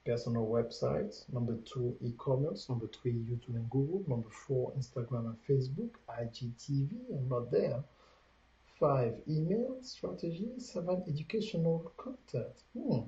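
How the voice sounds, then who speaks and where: A man's voice: mid-range voice, lively intonation, normal speed, dark tone, roomy sound, highs cut off. A man with a French accent giving a livestreamed business coaching talk, counting off steps and repeating his key points in a preachy way.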